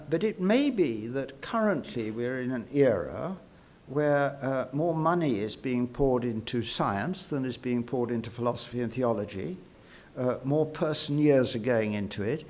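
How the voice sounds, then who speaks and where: A man giving a prepared speech into a microphone at a university congress, measured and reflective, with frequent "uh" fillers. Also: medium pitch, darkish tone. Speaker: award-winning speaker at an academic congress. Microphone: speaking into a podium microphone.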